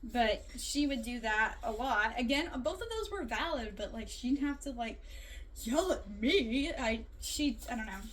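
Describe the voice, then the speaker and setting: A chatty young woman talking through her thoughts on a class assignment. Her voice sits a little high, and she rambles loosely with plenty of fillers. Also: lively intonation, measured pace, a bit bright. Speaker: student. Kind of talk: casual spoken reflection on a class assignment.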